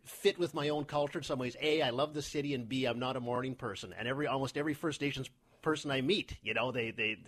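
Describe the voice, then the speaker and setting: Brief: fast-paced, joking man in a relaxed podcast chat. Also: mid-range voice. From Canada. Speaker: comedian guest.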